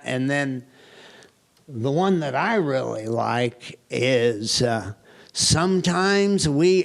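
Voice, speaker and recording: Gravelly slow man telling his story. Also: mid-range voice. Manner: storytelling, self-mocking humor, candid. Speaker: guest speaker. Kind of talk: recovery meeting share. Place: retreat hall, recorded live.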